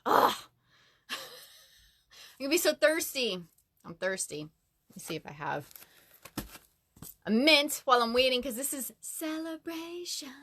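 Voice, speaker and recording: A bubbly woman hosts a casual livestream from inside her closet at home. Her voice is bright and on the high side, and she chats along easily, greeting viewers by name as they join. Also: sing-song, unhurried, long pauses. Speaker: livestream host.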